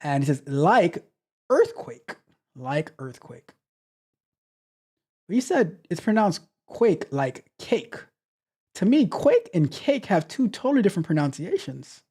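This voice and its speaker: A man's voice: high voice, big pitch swings, a little slow, darkish tone, breathy edge. A man hosting a tech livestream in casual chat, playfully reading viewer comments aloud and teasing them, often repeating himself. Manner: repeats phrases, loose and chatty.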